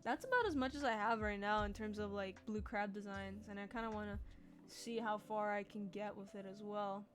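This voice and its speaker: A woman's voice: steady tone, fairly quick, fairly bright tone, faint music behind. Tired, rambling young woman streamer. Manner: candid, rambling, sweary, low-key. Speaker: art streamer. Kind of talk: casual live-stream chat.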